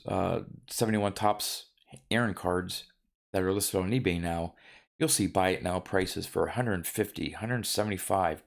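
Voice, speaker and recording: Man, low voice, loose and chatty hobby vlogger, lots of ums and false starts. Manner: rambling, many ums and restarts. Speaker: card collecting vlogger. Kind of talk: casual rambling monologue.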